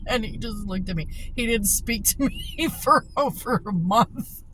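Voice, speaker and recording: A woman's voice: fairly high pitch, unhurried, rough recording. A woman vlogging casual stories while driving, blunt and profane and laughing often. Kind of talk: casual storytelling vlog. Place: inside a car while driving. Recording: steady car noise behind. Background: road and engine noise.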